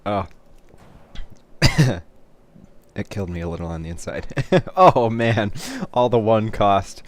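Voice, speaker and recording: A man giving live commentary on his own card game, thinking his moves through aloud and getting excited or laughing at his own mistakes at his home computer. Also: on the low side, slow. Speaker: gameplay commentator.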